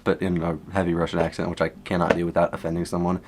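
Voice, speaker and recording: A young man casually recapping a movie from memory, rambling and excitable, jumping from low asides to high exclamations. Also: fast talker, a little hiss or hum. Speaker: content creator.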